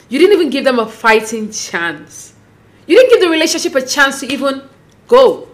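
A woman casually recapping a reality dating show, acting out the cast's lines with lively, opinionated commentary. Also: a little high, fast talker. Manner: animated, acts out quotes, opinionated. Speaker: recap host.

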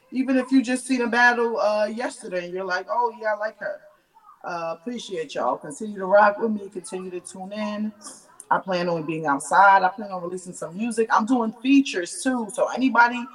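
A woman's voice: medium pitch, recorded from a distance. A woman battle rapper, a guest on a podcast, talking in a confident, playful and brash way over a video call. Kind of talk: casual interview chat.

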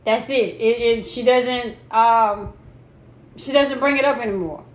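A woman in a casual chat, talking in halting starts with many fillers. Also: fairly high pitch. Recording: echoey room, faint background noise.

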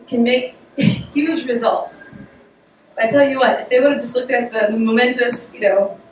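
Animated woman preaching in an echoey room. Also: on the high side, slight background noise. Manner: conversational and animated, with laughs and frequent restarts. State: losing her voice. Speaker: speaker giving a devotional talk. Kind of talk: casual sermon. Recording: echoey room, voice picked up from a distance.

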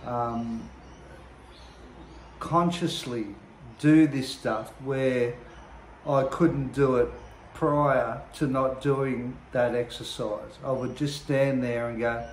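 A man earnestly sharing his own recovery story, reflective and often pausing to search for words. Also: medium pitch, fairly even intonation, slight background noise. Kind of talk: personal testimony monologue. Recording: roomy echo.

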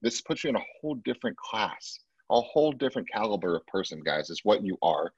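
Husky low-voiced man teaching a sales class. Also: big pitch swings, quick pace, no room sound, lo-fi sound. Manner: emphatic, acts out client quotes in a much higher voice. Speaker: real estate sales trainer. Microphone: video call.

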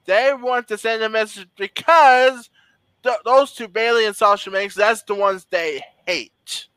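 A man's voice: sits high, unhurried, bright, forceful tone, smooth, dry recording, poor audio. A man hosting a podcast, recapping casually and often stumbling over and repeating his words. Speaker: podcast host. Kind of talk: casual wrestling recap chat.

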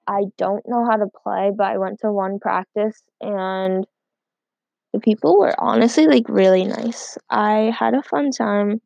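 A teenage girl hosts a casual solo podcast from home, rambling along and filling every gap with "like." Her mid-range voice is gravelly and warm, recorded with no room sound but muffled.

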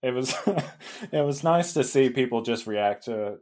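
A man's voice: mid-range voice, animated, measured pace, a little mellow. Male co-host, easygoing storyteller, chuckles often, mid-range voice. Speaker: podcast co-host. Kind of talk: casual chat.

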